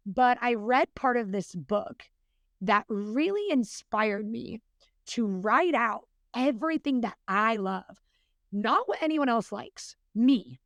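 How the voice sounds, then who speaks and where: Podcast guest: young woman, earnest and chatty, quick, dry close sound. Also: a little high, animated, no echo. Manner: chatty, earnest, fast with many fillers. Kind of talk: casual podcast interview.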